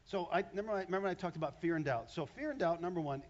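A man's voice: high voice, rapid-fire, muffled recording. A man in his fifties preaching a conversational sermon from a church stage, acting out voices as he talks. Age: 50s.

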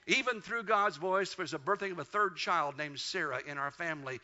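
A middle-aged man from the United States preaching a sermon as pastor, rising to loud emphatic proclamations. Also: fairly high pitch, fairly quick, hardly any pauses, dull audio.

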